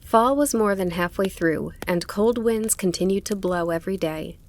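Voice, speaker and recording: A woman narrating an audiobook in a calm, measured storytelling manner. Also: medium pitch. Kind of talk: scripted narration.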